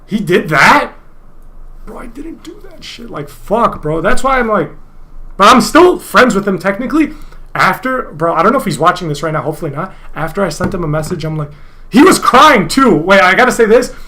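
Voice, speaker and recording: A young man talking on a casual livestream, his voice pitched high and bright. He rambles freely, swears constantly and now and then breaks into loud, exasperated outbursts. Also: animated, brisk. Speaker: streamer.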